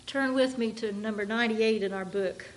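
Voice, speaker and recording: A woman preaching a sermon, reading song lines slowly and with emphasis, often restarting her sentences. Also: on the high side, a little hiss or hum. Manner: slow, emphatic reading with drawn-out words.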